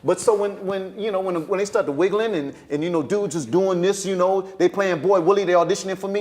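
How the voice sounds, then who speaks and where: A middle-aged man with a Southern US accent, a stage director telling lively stories in a panel conversation and acting out the voices of the people in them. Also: sits high, fast, hardly any pauses, a crowd in the background. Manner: animated storyteller, acts out voices, Southern-flavored speech.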